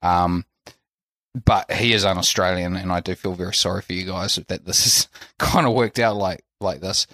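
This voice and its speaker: A man with a New Zealand accent chats on a podcast, laughing often and circling back on his own sentences. His voice sits a little low. The sound is dry and close. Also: steady tone, moderate pace, bright, forceful tone, no room sound. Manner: laughing, rambling with restarts. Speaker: podcast co-host. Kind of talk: casual chat.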